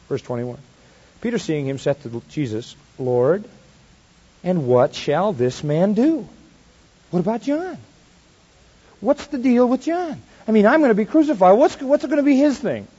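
Male pastor, high voice, animated sermon delivery, hushed asides and loud punches, dull lo-fi tape sound. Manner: animated preaching, swinging between soft asides and loud emphasis; slows right down to stress quoted verses. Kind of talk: expository sermon.

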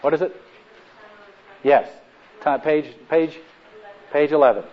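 A middle-aged man giving a talk, retelling a family story in an earnest, halting way and quoting each line of dialogue. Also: fairly high pitch. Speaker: speaker. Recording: dull lo-fi recording.

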